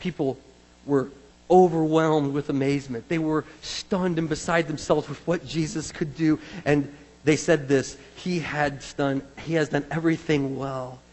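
Animated male pastor in a reverberant hall. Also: fairly high pitch, unhurried. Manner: animated, conversational, swings from loud to hushed. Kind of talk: sermon.

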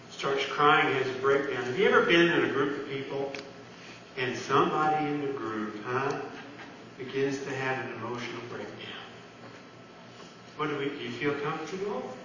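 A man's voice: medium pitch, fairly bright tone, slight background noise. A man preaching a sermon as pastor, earnest and conversational, putting questions to his congregation, recorded from far off in a large church hall. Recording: distant roomy church sound, dull.

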